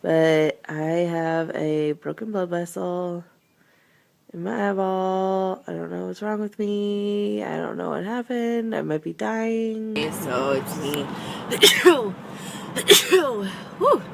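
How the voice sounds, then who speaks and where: A woman's voice: fairly low pitch, vocal fry, slight background noise. A young woman chatting casually to camera in a vlog. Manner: slow, chatty, cooing baby talk to her puppy. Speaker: vlogger.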